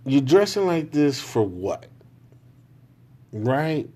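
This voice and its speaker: Guy going off solo on his podcast, cussing a lot, slangy, middle-pitched voice, doing little impressions of people. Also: expressive, darkish tone. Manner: profane, emphatic, talks in street slang; acts out other people in quick impressions. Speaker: podcast host. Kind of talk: casual monologue rant.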